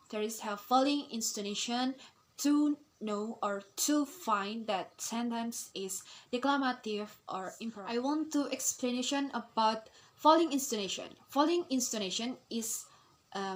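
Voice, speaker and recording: A young woman explaining a class assignment as a student, hesitant, with frequent pauses and fillers. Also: a little high, low-quality recording. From Indonesia. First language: Indonesian. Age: young adult. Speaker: student presenter.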